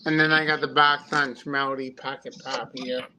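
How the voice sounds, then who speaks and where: A man chatting casually on a live stream as a guest, talking slowly with a halting manner and frequent fillers. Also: mid-range voice, little pitch movement. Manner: slow and halting, many fillers. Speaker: guest Funko collector. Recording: noisy background.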